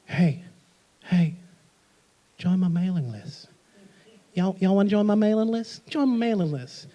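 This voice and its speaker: A man's voice: sits high, animated, a little slow. A man voicing a creepy, whispering website signup form that keeps pleading with people to join its mailing list. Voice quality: hushed, breathy whisper. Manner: wheedling, repetitive pleading.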